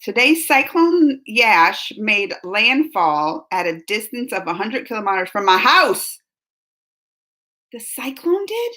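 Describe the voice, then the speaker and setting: A woman's voice: mid-range voice, big pitch swings, slow pace, sharp tone, poor audio. A woman hosting a casual livestream, chatting loosely and reading viewer comments aloud with frequent laughs. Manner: chatty, rambling, laughs often. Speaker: livestream reaction host.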